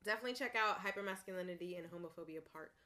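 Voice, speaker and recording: A woman co-hosting a casual chat podcast, talkative and quick to jump in. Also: lowish voice, pushed and bright. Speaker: podcast co-host.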